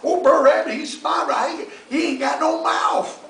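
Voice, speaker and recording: A man voicing a slow, doubting male bear who grumbles and scoffs in a drawl. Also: very high-pitched, a bit bright, voice pushed up, exaggerated voice. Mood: scoffing. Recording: distant echoey noisy home recording.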